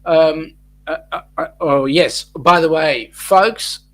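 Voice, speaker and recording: A man's voice: a little high, takes it slowly, low-quality recording. A man hosting a casual live chat, reading out viewer comments with many ums and restarts. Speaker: host of a live chat show.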